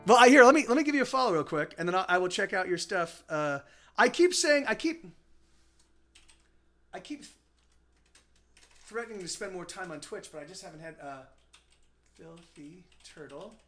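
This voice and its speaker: A man's voice: sits high, big pitch swings, normal speed, pauses often, fairly bright tone. A man musician chatting casually on his live stream, rambling with many restarts, cursing and greeting viewers. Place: home streaming setup in Austin.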